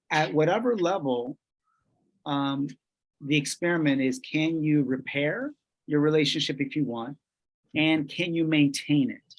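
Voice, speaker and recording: In a slightly high voice, a man from Colombia leads a workshop in a careful, measured manner, with pauses and restarts as he moves back and forth between English and Spanish.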